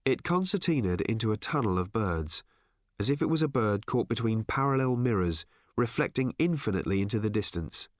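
A man reading an audiobook with expressive, wry storytelling. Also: lowish voice, fairly quick, no room sound, clean studio sound. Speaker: audiobook narrator. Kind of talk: scripted narration.

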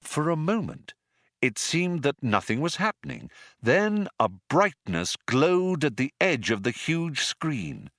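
A man giving wry, richly expressive scripted audiobook narration. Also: fairly high pitch, slow pace, dry recording, studio quality.

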